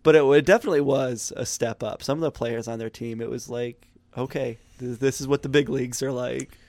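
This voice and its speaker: Male podcast co-host, hoarse and tired, gravelly, dry close sound. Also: medium pitch, fairly even intonation, a little fast, a little mellow, no echo. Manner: easygoing, storytelling. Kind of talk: casual chat.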